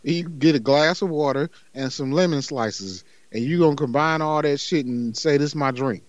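A man co-hosting a casual podcast, teasing his partner and sounding out long words slowly for a laugh. His voice sits a little high. The recording is dull and dry, with no room sound. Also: dry recording. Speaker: podcast co-host. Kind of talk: casual comedic chat.

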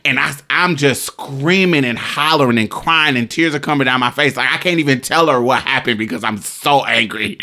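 A young man telling a story in casual chat, animated and laughing, with sound effects. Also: fairly high pitch, normal speed, few pauses.

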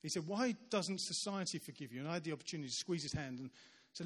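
A man preaching a sermon, his voice pitched a little high. He tells stories in an animated way, acting out the people in them. His words carry a long reverb through a large church hall. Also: quick pace, few pauses. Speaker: visiting preacher. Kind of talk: sermon storytelling.

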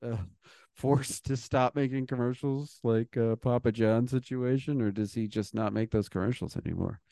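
Smooth, dry-voiced podcast co-host. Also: mid-range voice, moderate pace, mellow, no room sound. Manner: rambling, wondering aloud, trails off. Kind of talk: casual comedic chat.

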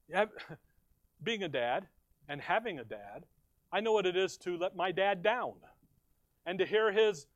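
A middle-aged man preaching a verse-by-verse sermon, swinging between loud emphasis and quiet asides. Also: high voice, lively intonation, a little slow, no room sound.

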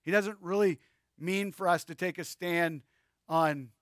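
A man's voice: high-pitched, measured pace, no room sound, studio quality. A male pastor preaching a sermon with emphasis and addressing his listeners directly.

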